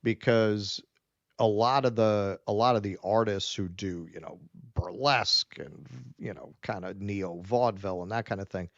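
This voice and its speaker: Low-voiced male co-host, dull dry sound. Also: normal speed, no echo. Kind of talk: casual political commentary.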